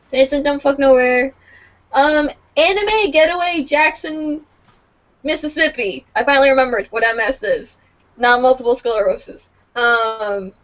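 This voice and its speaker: Casual podcast co-host, young woman, high voice, rambly and profane, muffled recording. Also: fairly bright tone. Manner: chatty, stumbling over place names, laughing and swearing. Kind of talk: casual podcast chat reading convention listings. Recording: dull lo-fi podcast audio.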